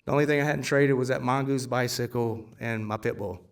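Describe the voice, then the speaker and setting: A guest speaker in his forties, with a steady medium-pitched voice and a clean tone, briskly tells his recovery story as live testimony to a theater audience. He is casual and blunt, swears, and acts out dialogue, and the mic is distant.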